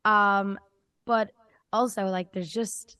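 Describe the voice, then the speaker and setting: A woman's voice: medium pitch, steady tone, takes it slowly, pushed and bright, clear, resonant tone, no room sound. A young woman with an Irish accent, a singer talking casually in an interview, chatty and full of "like". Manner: chatty, fills with "like" a lot. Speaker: singer-songwriter guest.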